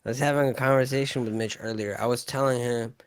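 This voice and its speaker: A man co-hosting a podcast in casual chat, animated and prone to shouting bursts. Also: mid-range voice, fast talker, smooth, dry recording, studio quality. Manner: animated, bursts into shouting when making a point. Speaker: podcast co-host.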